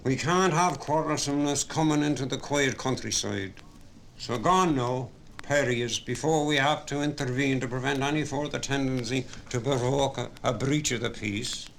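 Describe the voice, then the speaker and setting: A man's voice: medium pitch, normal speed, creaky, a bit bright, slight background noise. A man reading an audiobook, voicing an officious, bullying male constable. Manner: pompous, threatening.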